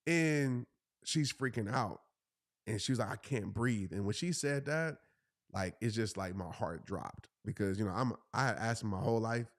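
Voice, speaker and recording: A man, telling a story in a casual, animated way and jumping into high voices for the people he quotes. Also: normal speed, dry recording, studio quality. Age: 30s. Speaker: host.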